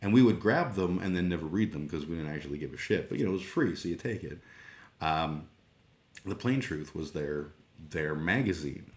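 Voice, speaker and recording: A man's voice: low voice, expressive, moderate pace, a little mellow. A middle-aged man from Canada hosting a casual livestream, rambling and sweary, with lots of fillers. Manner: meandering, sweary, self-deprecating, many fillers. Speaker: livestream host. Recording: roomy echo.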